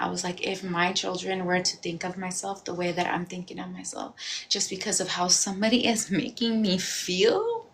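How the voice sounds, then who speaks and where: A woman in her thirties talking candidly on a livestream, reflective and confessional, breaking into animated bursts and laughs. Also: mid-range voice, gravelly, slight background noise. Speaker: livestream host. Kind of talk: casual livestream talk. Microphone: phone.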